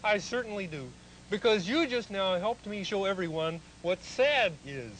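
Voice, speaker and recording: A man's voice: sits high, animated, moderate pace, background noise. A man voicing a polite male frog who gives a little lecture about feelings in a puppet sketch. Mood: gentle. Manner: earnest, explaining, bursts into angry shouting.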